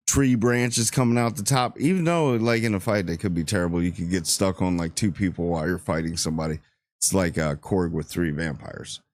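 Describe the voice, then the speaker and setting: A young man casually reviewing a TV episode, animated and slangy, joking as he retells scenes. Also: fairly low pitch, no room sound, clean studio sound. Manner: animated, slangy, jokey storytelling with voiced asides. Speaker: show host reviewing a TV episode.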